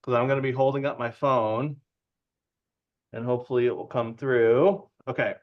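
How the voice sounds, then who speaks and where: A man presenting a casual tech talk to a user group over a video call. He sounds relaxed and chatty and keeps checking in with his listeners. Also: medium pitch, moderate pace, muffled recording. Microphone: video call from home.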